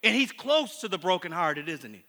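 Male preacher giving a testimony sermon: high, piercing voice, halting retelling that builds to emphatic preaching, heard with hall reverb. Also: sing-song. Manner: storytelling, with many restarts and repeated words; swings from hushed to emphatic preaching. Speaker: pastor.

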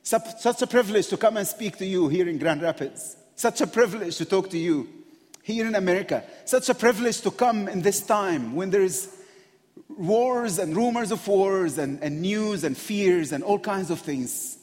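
A man's voice: sits high, moderate pace, darkish tone. A man preaching as a guest speaker, passionate and emotional, often breaking into laughter between phrases. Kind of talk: sermon. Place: church sanctuary. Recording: long reverb of a large hall.

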